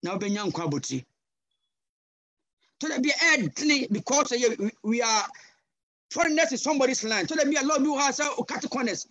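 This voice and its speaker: Impassioned Ghanaian preacher, dry sound. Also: male voice, very high-pitched, expressive, a little fast, long pauses, no echo. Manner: impassioned, switching between English and Twi, rising to loud cries. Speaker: guest pastor. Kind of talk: sermon. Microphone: video call.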